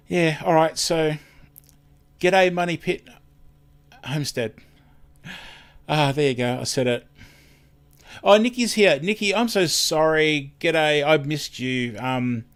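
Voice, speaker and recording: A man's voice: on the high side, clean tone. Australian man, live-stream host, casual chat, rambling, stumbling over words, self-deprecating.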